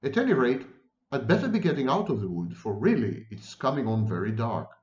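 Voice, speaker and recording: A man's voice: medium pitch, very animated, fairly quick, darkish tone, close to an everyday voice. Man doing an earnest little girl. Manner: indignant, earnest pleading. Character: timid, thoughtful little girl. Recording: roomy, dull lo-fi sound.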